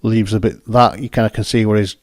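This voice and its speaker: A man's voice: lowish voice, fairly even intonation, a little fast, darkish tone, no room sound, clean studio sound. A man hosting, chatting casually and rambling as he talks through his photos. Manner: rambling, self-correcting, chatty. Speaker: photographer and host. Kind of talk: casual commentary over photos.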